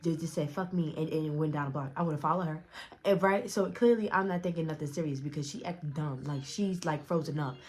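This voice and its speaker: A young woman with a lowish voice tells a casual storytime. She talks bluntly and swears freely. She stays animated and often restarts her sentences. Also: brisk. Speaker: storyteller vlogger.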